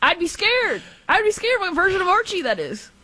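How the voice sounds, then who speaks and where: A woman's voice: extremely high pitch, sing-song, a little fast, pushed and bright, dry recording. A woman co-hosting casual sports chat, chatty and teasing, often laughing.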